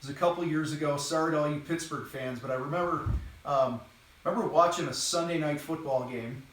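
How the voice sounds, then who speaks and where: A man's voice: a little high, brisk. A man hosting a live business training for contractors, talking bluntly and casually with bursts of energy and the odd swear word, while moving around. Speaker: host and business coach for contractors. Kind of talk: live training talk to a camera. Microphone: distant mic, moves around while talking. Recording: very echoey room, voice far from mic.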